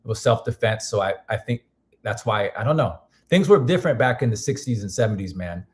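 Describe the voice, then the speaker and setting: A hoarse man in casual live-stream chat, rambling with frequent restarts and fillers. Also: lowish voice, expressive, fairly quick. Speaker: music producer streaming.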